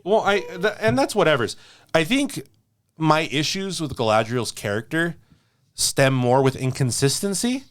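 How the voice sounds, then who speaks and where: A man hosting a podcast in casual chat, rambling, laughing often and slipping into quick character asides. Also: fairly high pitch, expressive. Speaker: podcast host.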